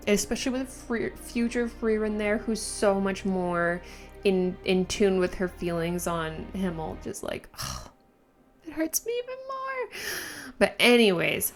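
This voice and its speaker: A woman recapping manga chapters in a casual, gushing way, acting out lines and reacting with quick asides. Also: lowish voice.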